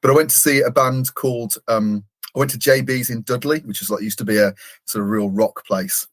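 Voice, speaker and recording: A man's voice: mid-range voice, steady tone, fairly quick. A middle-aged man from England hosting a casual podcast chat, jokey and self-deprecating, laughing often. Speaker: podcast host.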